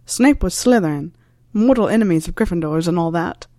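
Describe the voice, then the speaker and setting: Laid-back teenage boy, voiced by a woman, lowered and quiet. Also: lively intonation, fairly quick, no room sound, studio quality, close to an everyday voice. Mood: low-key.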